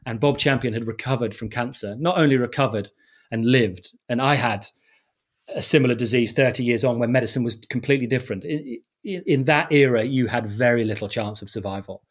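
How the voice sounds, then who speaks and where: This is a middle-aged man who presents sport on television. He talks in a mid-range voice. He tells lively stories in conversation and laughs at himself along the way. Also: medium pitch, fairly quick. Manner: animated anecdotes with self-deprecating laughs. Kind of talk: conversational interview storytelling.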